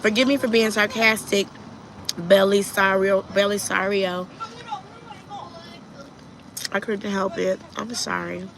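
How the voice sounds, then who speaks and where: A woman's voice: medium pitch, moderate pace, creaky, few pauses, noisy background. A woman hosting a casual livestream, chatting and reading viewer comments aloud as she answers them. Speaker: livestream host.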